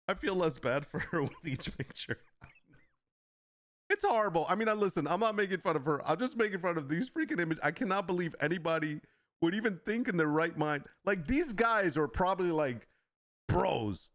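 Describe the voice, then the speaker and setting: Man, livestream host, casual commentary, frequent laughter, incredulous, lively pitch. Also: moderate pace, dry recording, clean studio sound.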